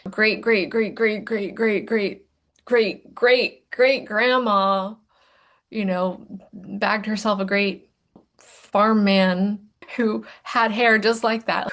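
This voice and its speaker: Her voice sits at a medium pitch as she guides listeners through a recorded emotions lesson. She pokes fun at herself playfully and occasionally lowers to a gentle whisper for emphasis.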